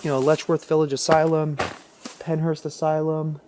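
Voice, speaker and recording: A man's voice: on the high side, little pitch movement, normal speed, noisy background. A young man vlogging alone at night in a forest as a paranormal investigator, talking to the camera with many filler words. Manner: talks to camera with filler words, often shifting into urgent frightened whispers. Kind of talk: solo night vlog in a forest.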